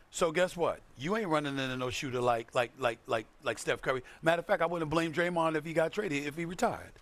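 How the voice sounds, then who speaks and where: A man's voice: fairly high pitch, fairly bright tone, soft background music. Emphatic slangy man on sports talk. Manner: emphatic, slangy, drawn-out stresses. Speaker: sports commentator.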